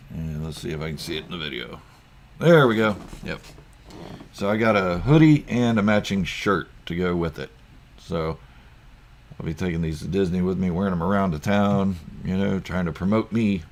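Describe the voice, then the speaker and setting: A man's voice: low voice, a little hiss or hum. A man hosting a casual live stream from home, rambling through viewer comments with lots of ums and chuckles. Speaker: YouTube channel host.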